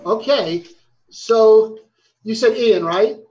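A man's voice: high voice, slow, darkish tone, highs cut off. A man hosting a casual quiz game among friends, playful, swearing and laughing, tripping over his own answers. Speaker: game host.

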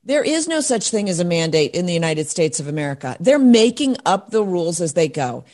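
A woman's voice: fairly low pitch, sing-song, a little fast, darkish tone. A woman hosting a talk radio show, speaking emphatically and forthrightly as she interviews guests. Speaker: host.

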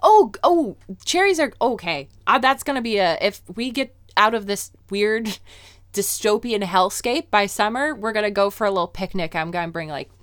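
A woman's voice: mid-range voice, lively intonation, moderate pace, a bit bright, no room sound. A young adult woman co-hosting a podcast, chatting casually with enthusiastic, giggly asides. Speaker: podcast co-host. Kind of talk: casual chat.

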